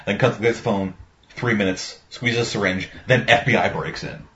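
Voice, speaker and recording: A man's voice: lowish voice, steady tone, moderate pace, sharp tone, a little hiss or hum. Rambling, swearing man, lo-fi sound. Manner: rambling, swears a lot, acts out quotes. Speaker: podcast co-host. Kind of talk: casual movie review chat. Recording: dull lo-fi sound.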